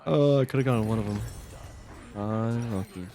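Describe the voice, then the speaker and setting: A man streaming live and reacting to his game in quick, exclamatory bursts, often scolding himself. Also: fairly low pitch, dark tone. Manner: reactive, exclamatory, self-critical. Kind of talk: live gameplay commentary.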